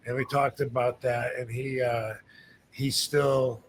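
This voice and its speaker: A man's voice: medium pitch, moderate pace, slight background noise. A man in his fifties from Michigan, hosting a casual podcast chat and telling loose stories with lots of fillers. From USA, Michigan. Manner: relaxed, rambling storytelling with many fillers. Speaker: podcast host, wrestler.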